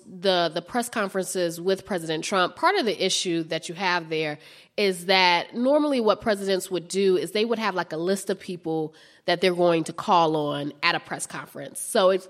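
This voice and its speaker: A woman's voice: lowish voice, fairly bright tone. A woman White House reporter answering interview questions in a chatty way, with many restarts and fillers.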